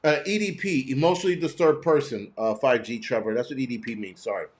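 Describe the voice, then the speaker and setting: A man hosting his own show, telling a story in a blunt, profane, animated way. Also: mid-range voice, fast. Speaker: host. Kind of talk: casual storytelling monologue.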